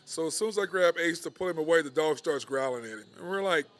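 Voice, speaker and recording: A man's voice: fairly high pitch, animated, fast talker. A man hosting a show from a bar, telling stories in casual chat and laughing a lot. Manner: laid-back storytelling, laughs a lot. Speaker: podcast host.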